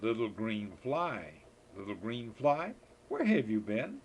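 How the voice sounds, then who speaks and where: A man's voice: on the low side, big pitch swings, slow, slight background noise. An older man, a grandfather, reading children's poems aloud in a sing-song way, now and then slipping and rereading a line.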